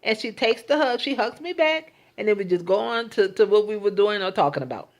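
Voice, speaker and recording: A woman speaks to the camera in an unscripted, reflective way. She is heartfelt and emotional, and she keeps stumbling over and repeating her words as she works out what she means. Her pitch sits in an ordinary middle range. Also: animated, a little fast. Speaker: vlogger. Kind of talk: casual reflective monologue.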